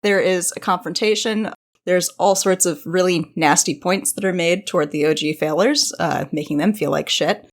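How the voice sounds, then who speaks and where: A woman's voice: lowish voice, normal speed. Casual woman running a tabletop game. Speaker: game master.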